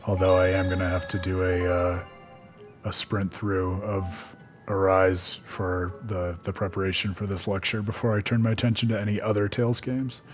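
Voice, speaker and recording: A man's voice: low voice, level tone, moderate pace, faint music behind. A man hosting a stream, chatting casually and analyzing the story, with plenty of fillers. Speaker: streamer and host.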